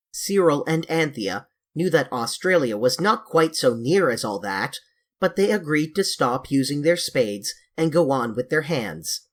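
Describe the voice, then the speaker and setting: An audiobook narrator reading a children's novel in an expressive, lively storytelling manner. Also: medium pitch, unhurried.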